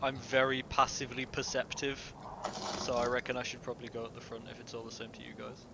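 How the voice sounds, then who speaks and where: A man playing a tabletop game, talking in character in a confident, brisk way. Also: medium pitch, completely flat delivery, creaky. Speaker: player. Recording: very noisy online call audio.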